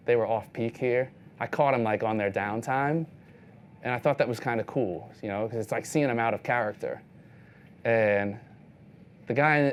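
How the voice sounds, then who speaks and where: A street photographer in his thirties gives a casual talk packed with anecdotes. His voice is medium-pitched and a little mellow, with slight hiss or hum, and he leans heavily on "like" while loosely retelling encounters and acting out what others said.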